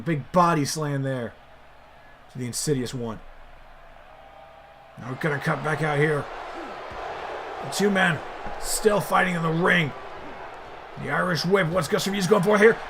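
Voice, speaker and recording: A man doing excited play-by-play commentary over a wrestling video game, bursting into shouted exclamations. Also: sits high, slight background noise.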